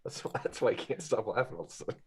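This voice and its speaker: A man's voice: lowish voice, lively intonation, rapid-fire, darkish tone, breathy edge. A man in a band chatting casually on a group call, tossing in dry, wry remarks. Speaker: band member. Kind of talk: casual chat.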